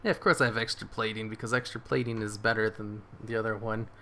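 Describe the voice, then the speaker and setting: A man giving excitable live commentary on his game, swearing and cheering his moves as he plays. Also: on the low side, fast, a little hiss or hum. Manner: excitable, swears, laughs often. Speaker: gaming streamer.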